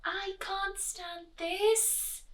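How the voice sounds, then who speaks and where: Storybook bit: woman putting on a sleepless, exasperated daddy bear, groaning each word out slowly, in a roomy space. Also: very high-pitched, fairly even intonation, a bit bright, far from the mic, pitched above the performer's own voice, heavily acted. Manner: slow, drawn-out groaning complaint. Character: weary, fed-up father bear who cannot sleep.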